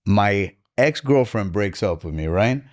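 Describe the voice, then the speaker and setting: A young man from Miami with a Cuban-American accent, telling a story in an animated way, switching into Spanish mid-sentence and acting out the voices of the people in it. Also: lowish voice. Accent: Miami Cuban-American English with Spanish code-switching. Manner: profane, excitable, fast bursts. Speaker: podcast guest.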